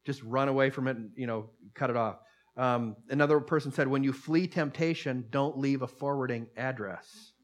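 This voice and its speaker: A man preaching a sermon in a loose, chatty way, often restarting phrases and slowing down to read stories and scripture aloud. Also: medium pitch.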